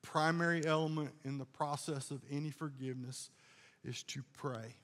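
A man's voice: a little high, fairly even intonation, normal speed, a bit bright, long reverb tail. A male pastor preaching a sermon in a folksy, conversational way, telling homey stories and sometimes restarting his sentences.

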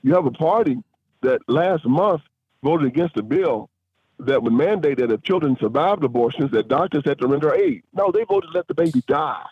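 A husky male voice comes through a narrow, tinny phone line with no room sound at all. He builds emphatically, climbing in pitch as he presses his points. Between these surges come halting fillers. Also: animated, no echo. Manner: emphatic, rising into preacher-like force. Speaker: guest, author and filmmaker. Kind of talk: interview over a phone line.

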